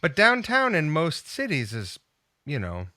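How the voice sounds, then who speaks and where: A man from Seattle hosting a podcast, chatting casually and swearing in a relaxed way. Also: fairly high pitch, measured pace, no room sound. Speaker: podcast host. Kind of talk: casual chat.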